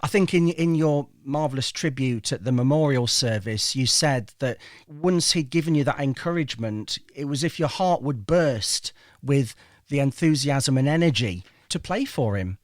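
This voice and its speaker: A man hosting a football history podcast, narrating and asking measured questions. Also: mid-range voice, expressive, no room sound, clean studio sound. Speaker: host and interviewer. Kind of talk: podcast interview and scripted narration.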